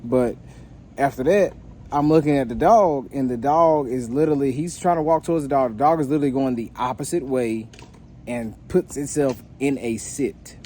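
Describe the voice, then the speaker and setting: A man's voice: mid-range voice, moderate pace, slight background noise. Laid-back man telling a story. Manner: relaxed, rambling with many fillers and restarts. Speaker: dog trainer. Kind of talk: casual storytelling to camera.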